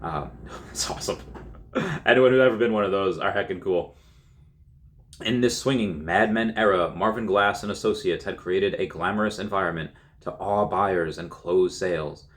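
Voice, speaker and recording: A man's voice: sits low, moderate pace, fairly bright tone. A young man reading a magazine story aloud, often stopping to laugh and add casual comments of his own. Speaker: YouTuber reading an article.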